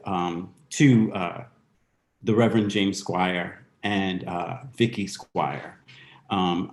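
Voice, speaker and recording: A man in his fifties from the United States, introducing himself on a video call in a soft, halting, storytelling way. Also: on the low side. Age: 50s. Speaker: guest dancer. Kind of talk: casual video-call interview. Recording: roomy echo.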